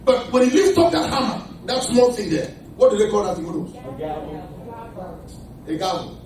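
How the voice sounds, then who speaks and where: A man with a Nigerian accent preaching a sermon, animated, shouting and laughing, calling to his congregation for answers. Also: high-pitched, normal speed. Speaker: pastor. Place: church. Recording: echoey church hall, mic at a distance, congregation audible. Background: responding congregation.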